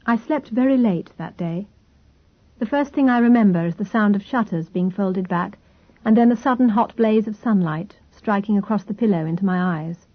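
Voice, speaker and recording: Woman audiobook narrator, measured first-person reading, medium pitch, dull lo-fi sound.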